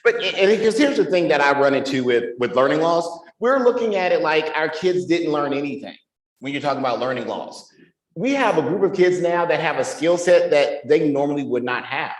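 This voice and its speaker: A man's voice: on the high side, animated, a little fast, far from the mic. A man co-hosting a live podcast before an audience, earnest and full of agreeing yeahs. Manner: earnest, repeats yeah often. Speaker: podcast co-host. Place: conference hall stage. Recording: echoey hall, mic set back.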